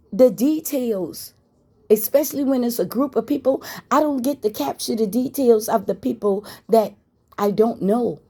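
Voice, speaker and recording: A woman's voice: fairly high pitch, warm tone, husky. A woman telling a story to her viewers in a blunt, frank way, with swearing. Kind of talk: casual story time.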